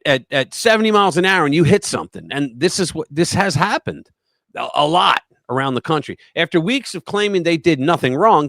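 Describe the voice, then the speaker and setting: Animated, mocking male news-show host. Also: high voice, dry recording, studio quality. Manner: animated, mocking, tells anecdotes. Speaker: host of a conservative news livestream. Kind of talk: opinionated news commentary.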